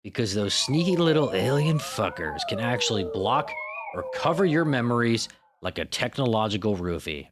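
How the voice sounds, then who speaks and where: Lively, irreverent male podcast host. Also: on the low side. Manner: irreverent, profane, self-mocking jokes. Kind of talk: comedic podcast monologue.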